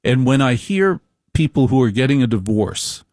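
A middle-aged man delivering a slow, deliberate, wry opinion monologue with repeated phrases. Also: medium pitch, lively intonation, a little mellow, no echo, studio quality.

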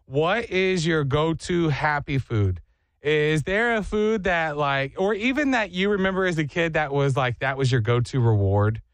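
A man's voice: a little high, a little slow, no echo. Upbeat radio host man, dry mic. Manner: lively storyteller, animated voices in anecdotes. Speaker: radio morning show host. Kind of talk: casual morning radio chat.

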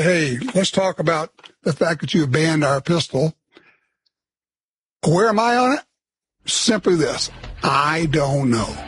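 A man's voice: a little high, rough recording. A man hosting a call-in radio talk show, plainspoken and blunt.

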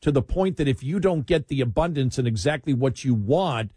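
A man's voice: mid-range voice, lively intonation, brisk, mellow, breathy edge, no echo, clean studio sound. A man hosting a talk radio show, chatting casually and rambling with repeated words and small laughs.

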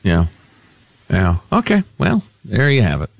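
Wry talk radio host, low voice. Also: male voice, huge pitch swings, measured pace, gravelly, no echo. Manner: wry, chatty, teasing up coming segments. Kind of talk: casual political talk radio banter. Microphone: studio microphone.

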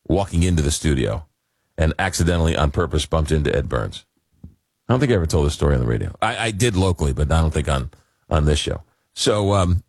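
A man's voice: low-pitched, a little mellow, no echo, clean studio sound. A man in his fifties from Long Island, New York, hosting a radio call-in show and telling rambling, self-deprecating stories. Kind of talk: casual talk radio storytelling. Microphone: studio microphone.

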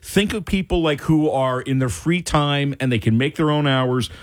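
A male radio talk show host giving his indignant opinions in an animated way. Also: fairly high pitch, normal speed. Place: radio studio.

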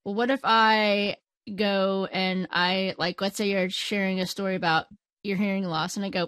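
A woman co-host at mid pitch leads a conversational discussion, asking questions with engaged interest. Her voice sits close to the mic with a dry sound. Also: steady tone, normal speed, a bit bright, smooth, no echo. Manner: engaged, asks questions, laughs lightly. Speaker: podcast co-host.

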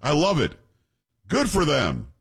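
A man's voice: fairly high pitch, huge pitch swings, unhurried, gravelly, a bit bright, slightly rough. A man hosting a talk radio show, chatting casually and opinionated, speaking straight to his listeners. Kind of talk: casual studio banter.

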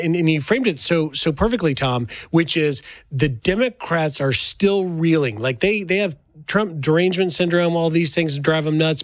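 A man co-hosting a casual political chat, a former TV reporter who explains things in a measured way and speeds up in his asides. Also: on the high side, no room sound.

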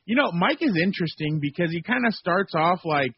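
A male sports reporter calling in as a guest on a radio show, talking in a rambling, animated way with many fillers. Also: high voice, a little fast, a little hiss or hum. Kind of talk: phone-in radio interview. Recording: dull, dry lo-fi guest line.

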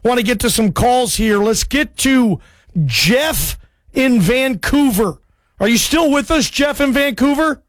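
A man hosting a call-in sports radio show, chatty and excitable, calling listeners bro. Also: very high voice, measured pace, no room sound. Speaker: radio sports talk host.

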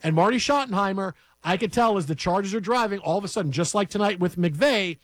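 A man's voice: high voice, quick pace, no room sound. A man hosting sports radio, telling stories in casual, emphatic talk from a studio. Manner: animated, emphatic storyteller.

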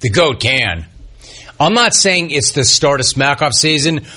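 Male sports radio host, husky and bright, punchy and opinionated, faint music underneath. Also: on the high side, lively intonation, a little slow. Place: radio studio.

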